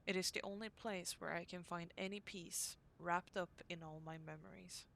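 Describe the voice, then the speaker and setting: A woman reading aloud the diary entries of a young woman devoted to her brother, in an earnest, unhurried way. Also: on the low side, fairly even intonation, creaky, a bit bright, a little hiss or hum. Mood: anxious.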